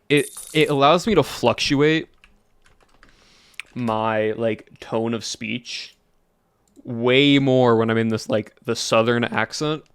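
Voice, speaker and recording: A man's voice: medium pitch, clear, resonant tone, dry recording. A young man streaming a game, chatting casually and rambling to his chat. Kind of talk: casual livestream chat while gaming.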